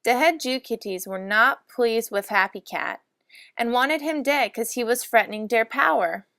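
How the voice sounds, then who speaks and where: A woman's voice: a little high, no room sound, studio quality. A woman narrating a comic storybook in mock-solemn lolcat speak.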